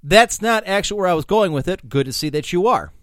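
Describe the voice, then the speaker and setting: A man's voice: high-pitched, animated, fast talker, no room sound, studio quality. A man hosting a podcast, telling rambling, profane stories in casual chat. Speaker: podcast host.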